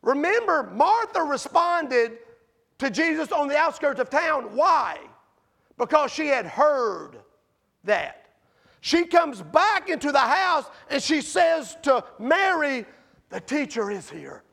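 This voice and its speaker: A man preaching a sermon, full of rhetorical questions to the congregation and sharp swings between loud and quiet. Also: extremely high pitch, very animated, slow, vocal fry. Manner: rises and drops sharply in loudness.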